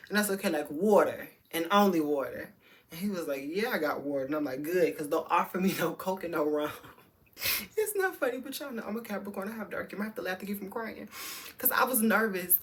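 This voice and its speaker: Woman vlogger, low voice, candid and profane storytelling, chatty and direct to camera. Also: a bit bright. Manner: candid and profane, talks straight to viewers; chatty, many fillers and restarts. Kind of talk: storytime vlog.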